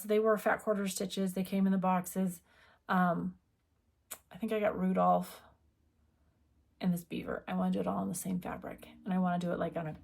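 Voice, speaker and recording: A woman's voice: mid-range voice, normal speed, vocal fry, long pauses, a little mellow, breathy edge. A middle-aged woman from the United States who owns a needlework shop, chatting casually and rambling as she talks. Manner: chatty, rambling, self-interrupting. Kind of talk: casual chat.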